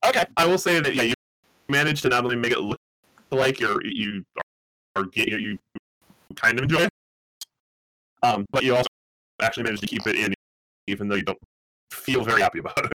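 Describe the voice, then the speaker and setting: A man's voice: medium pitch, fairly quick, pauses often, pushed and bright, dry recording, poor audio. A man narrating as game master of a tabletop game, rambling with many fillers and restarts.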